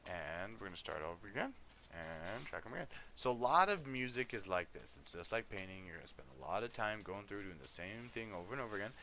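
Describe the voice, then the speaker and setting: Man, livestreamer, casual chat, easygoing, coaxing tone, bright tense voice, lowish pitch. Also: expressive, fast talker, a little hiss or hum. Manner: easygoing, coaxing and scolding his dog.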